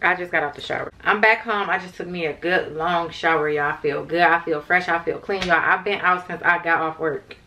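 A woman's voice: on the low side, steady tone, a little fast, hardly any pauses, bright, forceful tone, a little hiss or hum. A young woman talking casually to her viewers in a vlog, chatty and always calling them y'all. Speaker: vlogger. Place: in her car, later at home. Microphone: handheld camera mic.

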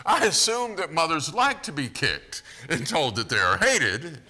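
A man's voice: on the high side, huge pitch swings, a little slow, pushed and bright, voice pushed up, full character voice. A man voicing a toddler boy who gives an exaggerated, mock-polite apology. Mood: mock sincere.

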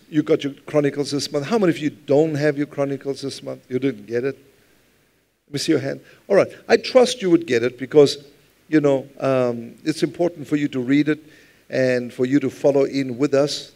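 A man's voice: medium pitch, a little mellow. A man preaching a sermon at church, speaking conversationally, often repeating words and asking the congregation to answer back. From South Africa. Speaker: pastor.

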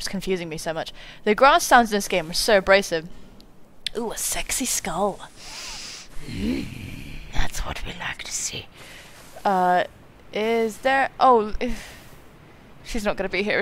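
A woman hosting a let's play, giving casual gameplay commentary, giggly and excitable with sudden exclamations. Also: medium pitch, unhurried, slight background noise.

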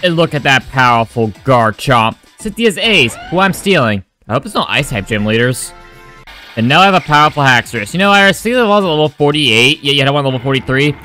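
A man's voice: mid-range voice, animated, a little fast, bright, forceful tone, faint music behind. A man giving sarcastic, crude, joking commentary over his game playthrough. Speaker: gaming video creator.

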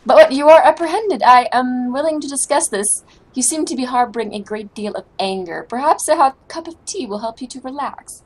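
A grandiose, self-admiring gentleman detective, put on by a woman reading game dialogue. He speaks in flowery, old-fashioned phrases with theatrical flair. The voice sits a touch high. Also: lively intonation, brisk, breathy edge, rough recording.

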